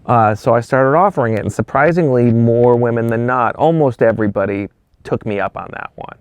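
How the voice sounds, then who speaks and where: A man, a photographer and interview guest, telling animated stories and acting out the dialogue with casual swearing. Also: medium pitch, brisk, clean tone, no echo. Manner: acts out quoted dialogue in shifting voices. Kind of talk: animated storytelling.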